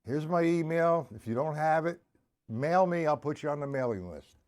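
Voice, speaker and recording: This man leads a live-streamed drum lesson in an expressive, slightly mellow voice that sits on the high side, at normal speed. He explains step by step and talks to viewers by name, blunt and informal with the odd curse.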